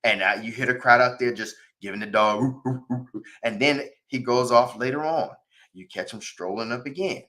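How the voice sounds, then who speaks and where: Bright-voiced man rambling about wrestling. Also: mid-range voice, normal speed. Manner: rambling, excited, many fillers and restarts. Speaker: podcast host. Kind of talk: casual wrestling commentary.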